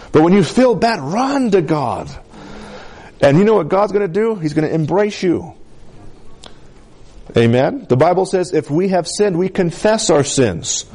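A man preaches a sermon as a pastor, his accent from the San Luis Valley of Colorado. Emphatic highs give way to soft asides, and he often asks the congregation "Amen?"

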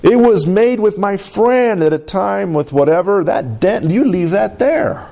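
A man doing a high drawling Southern voice for a folksy cartoon tow truck as he tells a story. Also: expressive, a little slow, vocal fry, mellow, heavily acted. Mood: stubborn. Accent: Southern US, put on.

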